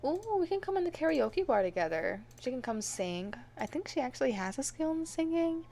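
A woman hosting a life-sim let's play, commenting excitedly with gasps and laughs. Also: high voice, fairly quick, vocal fry, a little hiss or hum. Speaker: gaming channel host.

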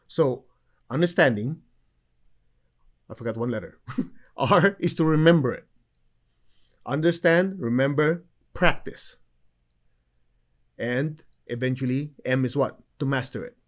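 A man's voice: mid-range voice, takes it slowly, pauses often. A man teaching a spiritual class, telling stories with humor and acting out the people he quotes. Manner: animated storyteller who acts out quoted people. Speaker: meditation teacher.

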